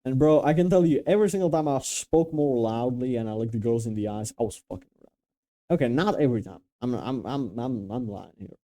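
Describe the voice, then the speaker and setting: A man's voice: mid-range voice, fairly quick, mellow. Blunt, profane young man from Romania. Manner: blunt, profane, emphatic, with restarts. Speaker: dating and confidence coach. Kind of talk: casual advice talk.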